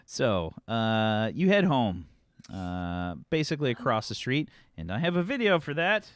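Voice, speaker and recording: A man's voice: mid-range voice, big pitch swings, measured pace, no echo. A man narrating as game master of a tabletop game, talking casually with many fillers.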